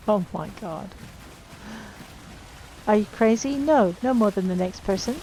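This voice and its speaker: A woman's voice: mid-range voice, expressive, slow, pauses often, warm tone, a little hiss or hum. A woman casually commenting on her video game playthrough, chatting to the characters and joking at herself. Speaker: gamer playing through a game.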